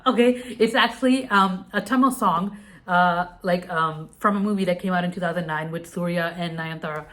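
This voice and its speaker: A woman's voice: fairly low pitch, fairly quick, fairly bright tone. A young woman whose first language is Telugu, chatting bubbly and casually through her monthly favorites with many restarts. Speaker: vlogger.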